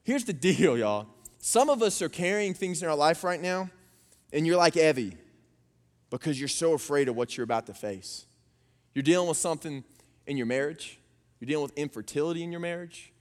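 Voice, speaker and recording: A man gives a lively, down-to-earth sermon. His voice sits fairly high, and it rings out with a long hall echo. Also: a little fast. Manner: animated, folksy preaching with storytelling. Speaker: pastor.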